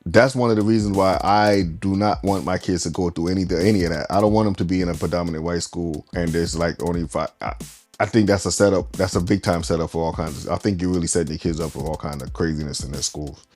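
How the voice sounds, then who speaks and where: A man's voice: low voice, steady tone, fast talker, darkish tone, soft background music. A man sharing a personal story in a casual group discussion, retelling it step by step with quoted dialogue. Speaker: panel guest.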